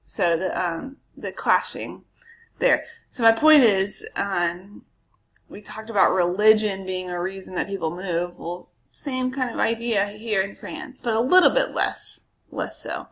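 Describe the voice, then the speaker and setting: A woman's voice: medium pitch, a little slow, a bit bright, poor audio. A woman history teacher giving a casual recorded lecture, chatty and full of ums, with asides to her students.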